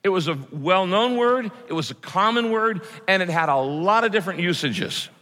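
A man's voice: sits high, lively intonation, normal speed, pushed and bright, big-room sound. A man preaching a sermon as pastor, emphatic and repeating key phrases for weight.

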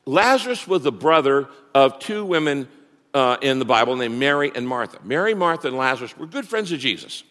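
A man's voice: mid-range voice, fairly quick. Male pastor preaching, voice all over the place, long reverb like a big church. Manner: animated preaching, swings from loud to hushed. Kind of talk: sermon.

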